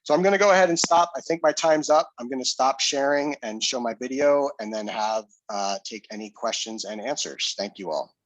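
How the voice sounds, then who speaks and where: A man's voice: medium pitch, a little fast, hardly any pauses, no room sound, highs cut off. A man giving a casual, explanatory screen-share demo of a web tool and answering questions, with fillers and restarts. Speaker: presenter.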